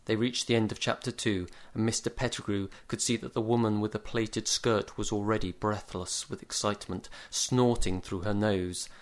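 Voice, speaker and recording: A man narrating a comic short story in a dry, measured deadpan. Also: fairly low pitch. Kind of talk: story reading.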